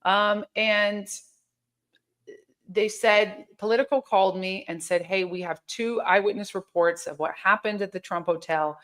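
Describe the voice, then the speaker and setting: A woman's voice: mid-range voice, steady tone, measured pace, a bit bright. A woman guest in an interview, telling a personal story in a candid, emphatic way with many restarts and quoted dialogue.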